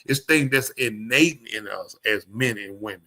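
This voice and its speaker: A man's voice: on the low side, normal speed, sharp tone. A man hosting a live podcast show, ranting bluntly and opinionatedly in casual chat and addressing the people around him. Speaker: podcast host.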